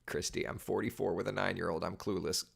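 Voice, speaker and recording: A man, chatting casually as a weather host and reading out viewer comments with animated, incredulous asides. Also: sits low, fast, vocal fry. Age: 30s.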